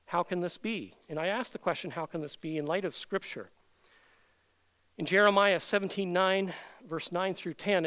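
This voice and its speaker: A man preaching a sermon as pastor, emphatic, with many rhetorical questions and loud declarations. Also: sits high, low-quality recording.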